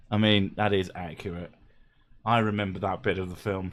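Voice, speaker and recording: A man's voice: deep voice, fairly even intonation, fairly bright tone. A man hosting a casual comedic livestream, cracking jokes and swearing freely. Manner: joking, swears freely, quick asides. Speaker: streamer host.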